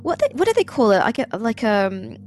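A woman's voice: a little high, very animated, a little fast. A woman playing a tabletop game, chatting about her actions in a hesitant, casual way. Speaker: player.

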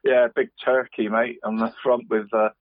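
Bloke chatting on a podcast, laughs a lot, mate this mate that, sounds like a phone call, no room at all. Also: male voice, mid-range voice, flat delivery, moderate pace, dry recording. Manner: chatty, laughs often, says "mate" constantly. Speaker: podcast co-host. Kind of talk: casual chat. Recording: tinny phone-like line, dry.

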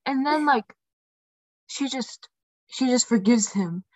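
A woman's voice: on the high side, expressive, takes it slowly, no echo. A young woman in casual chat, reading out passages from a book between many "um"s and "like"s. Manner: reads quotes aloud, frequent "um" and "like". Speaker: book discussion co-host. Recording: dry, dull lo-fi mic.

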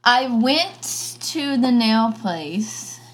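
A young woman in casual chat over a video call, telling an anecdote with lively asides. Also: on the high side, very slow, slightly rough. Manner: chatty storyteller, mimics voices in anecdotes.

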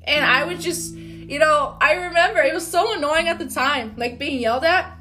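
A woman hosting a motivational podcast, talking loudly in an outgoing, upbeat and encouraging way. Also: high voice, normal speed, faint music behind. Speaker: podcast host.

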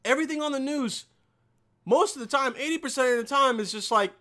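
A young man ranting profanely to camera as a vlogger, with loud bursts and mocking quoted voices. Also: very high-pitched, lively intonation, a little fast. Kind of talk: profane comedic rant.

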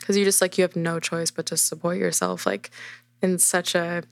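Earnest low-voiced woman guest. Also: flat delivery, moderate pace. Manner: earnest, reflective, some restarts. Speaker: guest, dancer. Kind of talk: candid interview answers.

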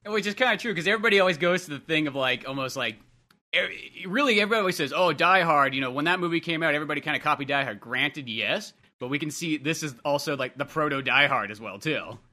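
A man's voice: fairly high pitch, expressive, quick pace, bright, forceful tone. A man co-hosting a podcast, rambling casually about a movie with lots of fillers and laughter. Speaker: podcast co-host. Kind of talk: casual film discussion.

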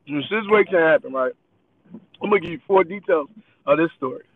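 A man's voice: a little high, brisk, slight background noise. A man co-hosting a podcast, telling a rambling story in casual chat and laughing often. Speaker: podcast co-host. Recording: tinny phone-like line.

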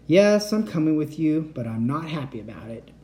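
A cautious young boy who is uneasy and reluctant, his worries rising and falling in his voice, as a reader acts him out. The tone stays soft and mellow. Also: mid-range voice, very animated, moderate pace, close to an everyday voice. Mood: worried.

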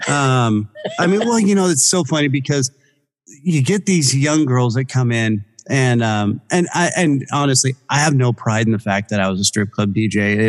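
A man as a podcast guest, an animated storyteller who slips into voices. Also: mid-range voice, in a large hall. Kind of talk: casual interview chat.

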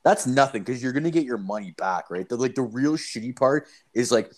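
A man's voice: mid-range voice, animated, brisk. Profane rambling young man. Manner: profane, rambling, lots of fillers. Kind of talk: casual storytelling chat.

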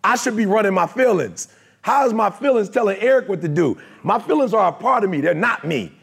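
A man speaks in a raised, gravelly voice, pitched a little above the usual for men. He gives a motivational talk to a live crowd, emphatic and conversational, full of street slang. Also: expressive, brisk, fairly bright tone. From Detroit, USA.

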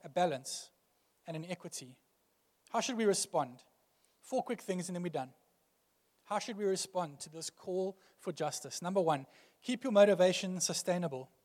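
A man's voice: high-pitched, darkish tone, long reverb tail. A male pastor preaching a sermon earnestly, building emphasis through repeated phrases.

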